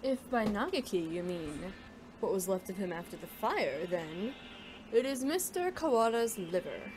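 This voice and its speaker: Clinical male doctor, read by a woman, detached, flat delivery. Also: mid-range voice, moderate pace, background noise, voice pushed down, lightly acted. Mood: cold. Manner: detached, matter-of-fact. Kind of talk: reading a visual novel aloud.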